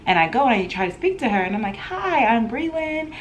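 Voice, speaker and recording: A young woman in her twenties telling an animated storytime in a home vlog, chatty and full of laughs. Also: mid-range voice, very fast, a little hiss or hum. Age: 20s. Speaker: vlogger.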